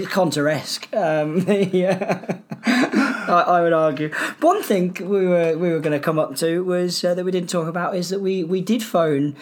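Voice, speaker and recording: A woman co-hosting a podcast, chatting casually with frequent laughter and playful rants. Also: on the low side. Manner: laughing, ranting, animated. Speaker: podcast co-host. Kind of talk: casual chat.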